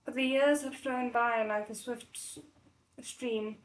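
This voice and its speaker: A woman's voice: fairly high pitch, steady tone, takes it slowly, reverberant, low-quality recording. A woman reading a novel aloud, breaking off for emotional, tearful comments. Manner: emotional, tearful asides between passages. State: choked up from crying. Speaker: novel readalong host.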